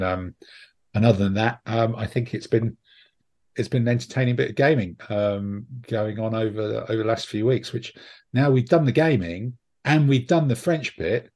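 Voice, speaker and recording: A man's voice: lowish voice, darkish tone. A man hosting a podcast, chatting casually and rambling with frequent ums and restarts. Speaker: podcast host. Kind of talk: casual chat.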